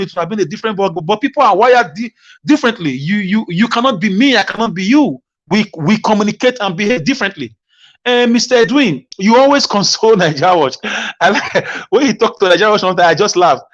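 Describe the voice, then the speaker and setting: High-voiced man on a muffled line. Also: a bit bright. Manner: stammering restarts, earnest. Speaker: caller. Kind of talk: call-in comment. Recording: muffled low-fidelity line.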